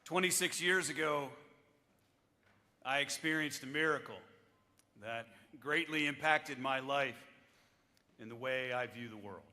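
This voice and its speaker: A man in his fifties, a chaplain giving a devotional address to lawmakers in a wry, measured storytelling manner, at a podium microphone in a large chamber. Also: mid-range voice, pushed and bright. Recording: echoey hall with long reverb.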